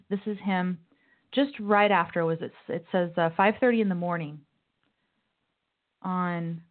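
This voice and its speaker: A woman hosting a call-in talk show, chatting in a loose, opinionated way with asides. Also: lowish voice. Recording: tinny phone-like sound.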